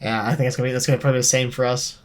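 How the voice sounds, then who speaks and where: A man's voice: medium pitch, fairly even intonation, very fast, a little hiss or hum. A man co-hosting a let's play, chatting casually and a bit hesitantly about games. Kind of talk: casual chat while gaming.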